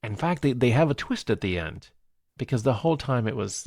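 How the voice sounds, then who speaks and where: A man co-hosting a movie podcast, retelling film scenes in a casual, animated way and laughing often. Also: medium pitch, brisk, creaky, dry recording, studio quality. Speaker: podcast co-host. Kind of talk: casual movie review chat.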